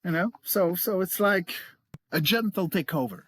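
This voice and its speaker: A middle-aged man speaks as an interview guest, explaining technique with easy enthusiasm and a ready laugh. His voice sits a bit high and swings widely in pitch. The sound is dry and close, with no room echo. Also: lively intonation, moderate pace, fairly bright tone, husky. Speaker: guest, creature voice coach.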